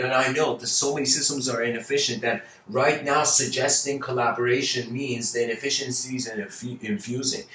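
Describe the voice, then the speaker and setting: A man's voice: medium pitch, a little fast, fairly bright tone. Man, casual lecture, playful and rambling, distant from mic. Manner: rambling, playful, acts out quoted voices and laughs often. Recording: roomy echo, mic at a distance.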